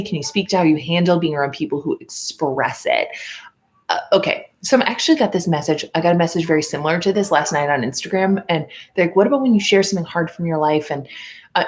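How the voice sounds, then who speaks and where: Woman, deep voice, casual livestream host, rambling, quotes people in a mock voice. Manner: rambling, many fillers and restarts; mimics others in a higher voice when quoting. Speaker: podcast host.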